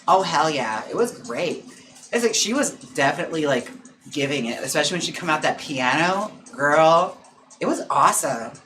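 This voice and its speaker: A man's voice: fairly high pitch, expressive, bright, forceful tone, a little hiss or hum, rough recording. A young adult man, a drag performer, chatting casually on a live stream, gossipy and full of "like" and "girl" as he reads viewer comments. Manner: chatty and gossipy, lots of "like" and "girl", quick laughs. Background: background music.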